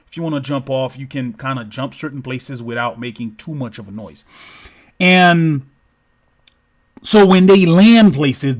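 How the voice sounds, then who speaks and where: A man telling a story in a casual, improvised way: profane and rambling, acting out thuds aloud. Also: a little high. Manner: profane, rambling, repeats sound effects.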